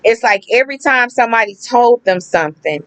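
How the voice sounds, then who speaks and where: Woman, casual vlog storytelling, animated, slangy, emphatic repeats, dry close sound. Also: a little high, brisk, no echo, poor audio. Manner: animated, acts out quoted people, emphatic repetition; slangy, conversational. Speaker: vlogger.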